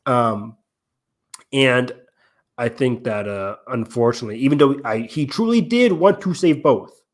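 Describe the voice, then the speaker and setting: A man's voice: medium pitch, lively intonation, unhurried. A man hosting a podcast in casual discussion, thinking aloud and rambling with lots of fillers. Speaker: podcast host.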